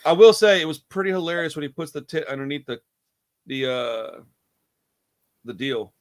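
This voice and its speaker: Man, casual movie chat, animated, higher than average voice. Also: moderate pace. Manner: animated, swears freely, laughs often. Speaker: podcast co-host.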